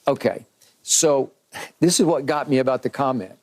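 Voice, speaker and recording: A man's voice: normal speed, darkish tone. A man making an emphatic, argumentative point in a sports debate. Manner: emphatic, argumentative, mimics others in higher voice.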